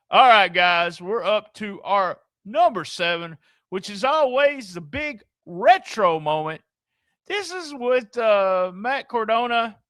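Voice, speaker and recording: Southern guy podcast host going off, high voice that swings all over, slow drawn-out talk. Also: fairly bright tone, no room sound. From American South. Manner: exasperated, incredulous, swears freely. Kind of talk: casual ranting commentary.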